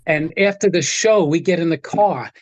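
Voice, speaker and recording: A man telling animated stories in a casual interview, acting out the quotes as he goes. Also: a little high, moderate pace. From New York area. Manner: animated anecdote teller, acts out quotes. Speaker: guest, guitar tech.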